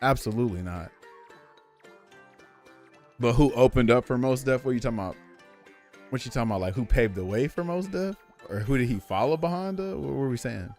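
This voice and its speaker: A man's voice: medium pitch, fairly quick, long pauses, faint music behind. A young man streaming from home, ranting in casual slang and addressing his chat directly. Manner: animated, opinionated, slangy, talks to chat.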